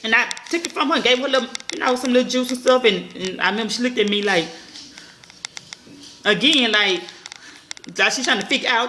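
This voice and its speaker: A mother in her thirties telling a story to her viewers, talking fast and bluntly and swearing freely. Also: fairly high pitch, bright, forceful tone. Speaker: vlogger, mother. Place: at home. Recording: echoey room, faint noise.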